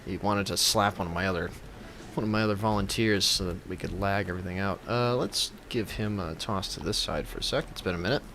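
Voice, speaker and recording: Man, gameplay commentary, playful, mock-solemn, deepish, crisp bright tone, faint hiss behind. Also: a little fast. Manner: playful mock-reverent joking. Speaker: gaming YouTuber.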